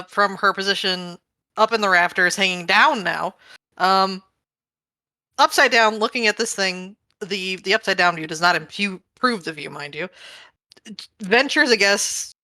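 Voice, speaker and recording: A woman's voice: medium pitch, sharp tone, no room sound. A woman narrating her character in a tabletop game, rambling with many fillers. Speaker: player.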